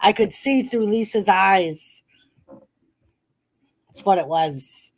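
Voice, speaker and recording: A woman's voice: medium pitch, lively intonation, takes it slowly. A middle-aged woman hosting a live watch-party stream, chatting casually, reading viewers' messages aloud and laughing often.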